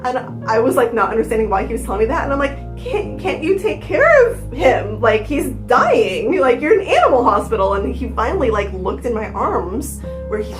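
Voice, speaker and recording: A young woman vlogger telling an emotional personal story from home, using "like" a lot and laughing through the hard parts. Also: a little high. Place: at home with her dog in her lap. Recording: roomy echo with music behind. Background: music.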